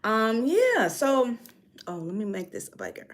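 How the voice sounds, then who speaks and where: A woman's voice: fairly high pitch, wildly swooping pitch, unhurried, slight background noise. A woman from New York with a New York accent, chatting casually on a livestream and reading comments, drifting between topics. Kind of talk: casual chat.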